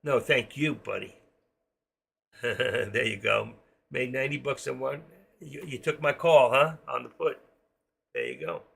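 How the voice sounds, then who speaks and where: A man's voice: medium pitch, animated, unhurried, creaky, pauses often, fairly bright tone, slightly rough. An older man with a New York accent and a trace of Florida, chatting casually with viewers while hosting a live trading stream from home.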